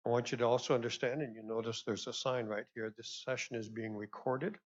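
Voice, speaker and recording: A man of middle pitch moderates a convention session. He is courteous and chatty, and he repeats his requests to the room. The recording sounds dull and lo-fi. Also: fairly even intonation, brisk. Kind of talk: formal welcome and announcements.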